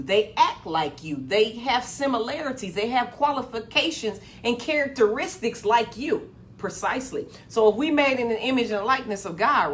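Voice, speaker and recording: A woman giving a live-streamed motivational talk in a preachy call-and-response way, repeating her phrases and swinging from loud excitement to a low voice. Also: a little hiss or hum. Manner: gets loud with excitement, then drops low. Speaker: motivational speaker.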